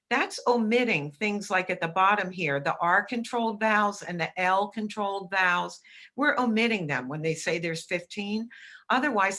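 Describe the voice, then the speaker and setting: A middle-aged woman gives a lecture in a bright, forceful voice that sits a little low. She explains emphatically and sounds out example words. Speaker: teacher educator presenting. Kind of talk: webinar lecture.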